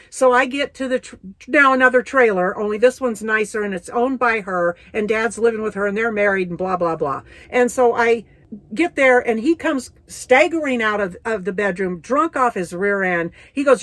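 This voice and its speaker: A woman's voice: a little high, normal speed, fairly bright tone, no echo. Blunt, folksy middle-aged woman storyteller. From United States. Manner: vivid, folksy and blunt, with colloquial turns. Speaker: Christian testimony speaker. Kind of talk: personal testimony storytelling.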